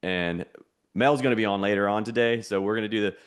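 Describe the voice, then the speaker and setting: Low voiced guy preaching at his online group, repeats himself a lot, asks them to answer back. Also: fast, clean tone. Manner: preachy, repetitive, call-and-response. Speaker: host of an online challenge. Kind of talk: motivational teaching.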